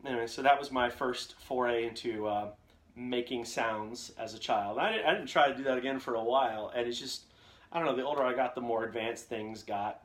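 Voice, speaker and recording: A young man hosting a live Q&A about voice acting, talking casually and at a middling pitch. He wanders from one anecdote to another, padding his sentences with fillers and restarts. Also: brisk. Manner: rambling storyteller, jumps between anecdotes with many fillers. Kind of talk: casual live-stream chat.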